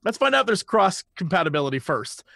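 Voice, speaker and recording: A man co-hosting a casual podcast, joking and pleading in an energetic way. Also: high-pitched, fast, creaky, dry recording, clean studio sound. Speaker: podcast co-host. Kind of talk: casual chat.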